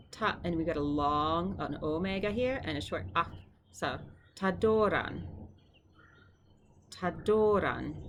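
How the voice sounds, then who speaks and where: Casting: low-voiced woman teacher, chatty lesson, words said slowly and repeated, faint hiss behind. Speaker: language teacher. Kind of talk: casual vocabulary lesson.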